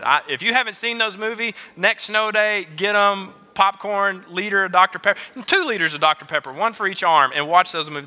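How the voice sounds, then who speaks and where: A man's voice: high-pitched, brisk, few pauses, pushed and bright. A man in his late twenties preaching a youth sermon in a joking, conversational way with playful asides. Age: late 20s. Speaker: youth pastor.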